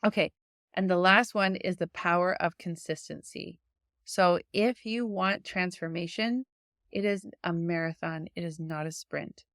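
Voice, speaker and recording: Chatty woman with a smooth, lowish voice. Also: a little slow, a bit bright, no room sound, clean studio sound. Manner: chatty, many fillers and restarts. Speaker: podcast host and life coach for quilters. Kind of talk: casual coaching monologue.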